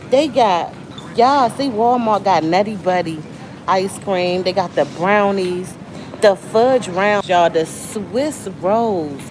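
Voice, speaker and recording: A woman's voice: fairly low pitch, slow pace, over music. A woman from the Southern US with a Southern accent, chatting casually to livestream viewers while shopping and breaking into sudden exclamations. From Southern United States. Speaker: livestream host. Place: grocery store. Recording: noisy store ambience.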